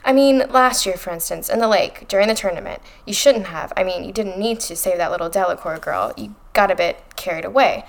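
A woman reading aloud as an anxious teenage witch girl, earnest and hurried. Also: medium pitch, vocal fry, close to an everyday voice. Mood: worried pleading.

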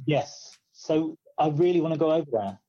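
A man's voice: fairly high pitch, animated, moderate pace, dark tone, highs cut off. A man appearing as a guest on a podcast, chatting casually in a hesitant, joking way. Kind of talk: casual chat.

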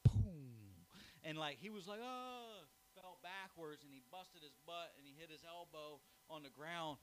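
A man's voice: on the high side, normal speed, a little mellow, slight background noise. A young man preaching a sermon, telling a family story, then reading scripture and building to emphatic, rising declarations. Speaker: pastor.

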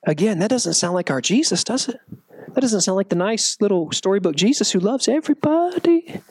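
Animated joking male youth pastor. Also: high voice, normal speed, breathy edge, no echo. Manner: animated, joking, acts out quotes. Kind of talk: youth sermon.

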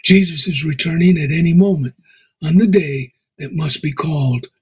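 A man with an American accent hosting a radio show, reading scripture and preaching in a measured, emphatic way. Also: on the high side, a little mellow, breathy edge, low-quality recording. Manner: measured, emphatic preaching with slow drawn-out stresses. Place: radio studio.

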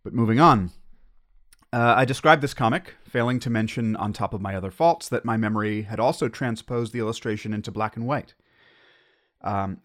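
An American man hosting a podcast, talking through his thoughts in a wry, self-questioning solo monologue. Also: fairly low pitch. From United States. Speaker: podcast host.

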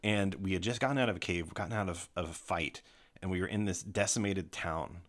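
A man hosting a casual podcast chat, retelling a tabletop game story in an animated way, swearing freely. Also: sits low, a little fast. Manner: animated, swearing, breaks into laughter.

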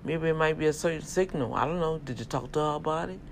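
Speaking a little high and at a quick clip, this man is heard over slight background noise. In a folksy, emphatic style, the vlogger and self-publisher addresses viewers directly in a sermon-like rant, pressing them to turn to God.

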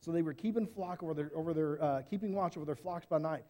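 A man telling a Bible story to children in church, casual and animated, often asking questions. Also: fairly high pitch, quick pace.

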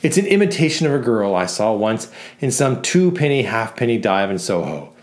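Guy reading as a young bride, theatrical, slow and mocking. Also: lowish voice, very animated. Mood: playful. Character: young bride performing a bitter barmaid song.

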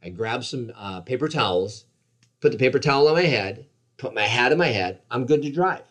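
A man in his forties in casual conversation, telling a story about his own injuries in an animated, self-deprecating way and acting out the voices of others. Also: mid-range voice, a little fast.

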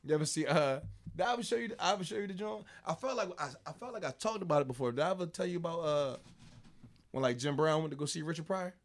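A man's voice: a little high, fast talker. A man telling a story in casual chat, loose and rambling, full of fillers, acting out what people said. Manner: loose, drawling storyteller, lots of fillers, acts out quotes.

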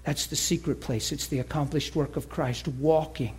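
A man's voice: a little high, steady tone, moderate pace, a little mellow, breathy edge. Emotional preacher man, laughing often. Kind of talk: sermon.

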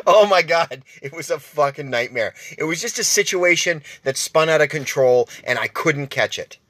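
A man's voice: a little high, animated, normal speed, fairly bright tone, no echo. A man hosting his own show, telling a rambling, profane story with many restarts and asides. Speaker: podcast host. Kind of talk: casual storytelling monologue.

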